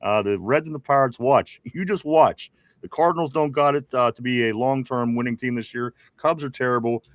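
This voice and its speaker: A man's voice: medium pitch, moderate pace, no echo, clean studio sound. A man co-hosting a casual live sports show, reading viewer comments and laughing often. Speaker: co-host.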